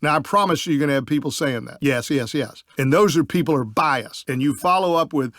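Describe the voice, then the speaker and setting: A man's voice: fairly high pitch, animated, fairly bright tone, dry recording, studio quality. A man, a trial lawyer teaching other lawyers, telling folksy stories and acting out bits of dialogue. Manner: folksy storyteller, acts out dialogue in quick voices. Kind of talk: storytelling lecture on trial strategy.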